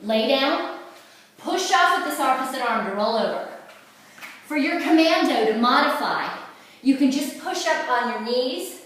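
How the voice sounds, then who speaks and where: A woman fitness instructor demonstrates a workout, calling out each move as she does it and growing out of breath. Her voice sits high and is fairly bright and animated, a little slow. The recording comes from far off in a very echoey room.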